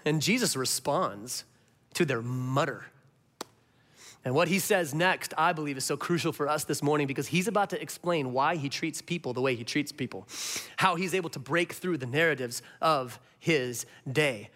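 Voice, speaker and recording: A male pastor preaching an animated sermon, swinging between loud emphasis and hushed asides. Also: a little high, moderate pace.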